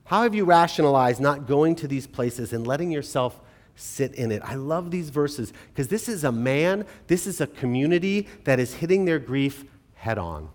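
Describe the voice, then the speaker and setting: A man in his forties preaching a sermon as pastor, earnest and conversational, swinging from animated stretches to hushed, quiet ones. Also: fairly high pitch, normal speed. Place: church sanctuary. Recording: long reverb of a church hall.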